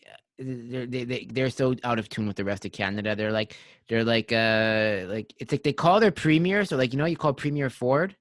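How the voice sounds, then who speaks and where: A man from Iran, a guest on a podcast, chatting in an animated, joking way. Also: mid-range voice, normal speed, dry recording. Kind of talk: casual chat.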